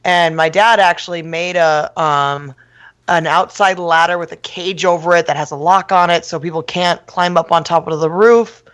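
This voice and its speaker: Woman, podcast co-host, casual storytelling, animated, acts out quotes. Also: fairly low pitch, moderate pace.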